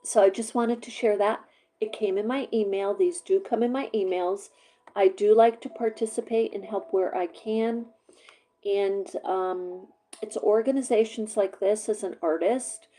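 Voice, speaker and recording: Unhurried, halting woman host, slightly hoarse, a soft and warm tone, talking casually to her camera. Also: mid-range voice, steady tone, poor audio. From Vermont. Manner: rambling, halting, many fillers. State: voice going hoarse, sucking a cough drop. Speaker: vlogger.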